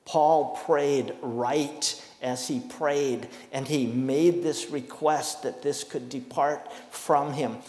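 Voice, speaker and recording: A man preaching a sermon, emphatic, with slow deliberate stresses and dramatic pauses. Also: medium pitch, fairly even intonation, a little mellow. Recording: echoey hall with long reverb.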